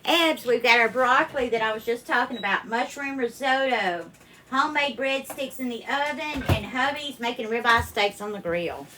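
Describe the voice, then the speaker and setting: Bright-voiced woman cooking live. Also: on the high side, animated, moderate pace, a little hiss or hum. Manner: chatty, warmly greets viewers by name. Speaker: cooking livestream host. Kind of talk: casual live cooking chat. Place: home kitchen.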